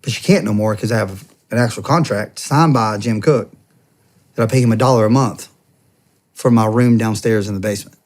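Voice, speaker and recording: On the low side with a darkish tone, this man speaks fairly quickly while sharing an emotional personal story as a podcast guest. The former police officer is earnest and conversational, acting out others' speech and frequently starting his sentences over.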